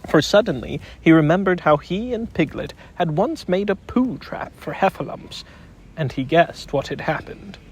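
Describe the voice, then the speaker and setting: A man reading a children's book aloud in gentle, unhurried storybook narration. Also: a little high, animated, husky. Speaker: audiobook narrator.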